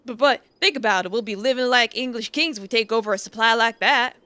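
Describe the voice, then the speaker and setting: A man's voice: extremely high pitch, quick pace, sharp tone, clear, resonant tone, no echo. A woman voicing a scheming male outlaw gang leader in a put-on Southern drawl, with folksy Old West talk. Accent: put-on American Southern drawl.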